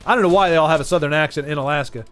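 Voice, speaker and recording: A man's voice: on the high side, rapid-fire, fairly bright tone. A man chatting casually with viewers while streaming a game, rambling and stumbling over his words. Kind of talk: casual live-stream chat while gaming.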